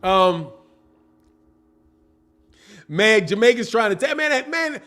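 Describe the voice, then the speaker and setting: A man with a fairly high voice hosts a casual boxing live stream. He reads viewers' chat messages aloud, reacting in a loose, slangy and animated way. He laughs often and talks straight to his audience. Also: takes it slowly. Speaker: boxing channel host reading live chat.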